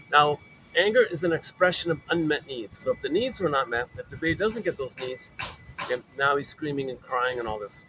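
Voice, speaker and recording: A man's voice: a little high, background noise. A man giving an informal spoken lecture, explaining in a repetitive way with many fillers. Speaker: lecturer on psychoanalysis.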